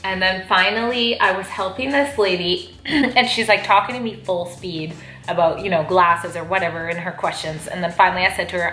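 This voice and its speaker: A woman vlogger telling stories in a chatty, animated way while folding laundry, with lots of fillers. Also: fairly low pitch, normal speed. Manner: chatty, animated, lots of "like", jumps to loud outbursts when retelling. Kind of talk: casual storytelling chat while folding laundry. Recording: echoey room with faint music.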